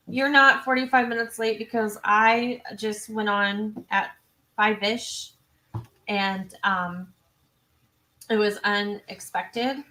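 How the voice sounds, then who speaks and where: A woman hosting a true crime livestream, chatty and self-interrupting, reading viewer comments and adding quick asides. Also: fairly high pitch, sharp tone. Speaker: true crime channel host. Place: home.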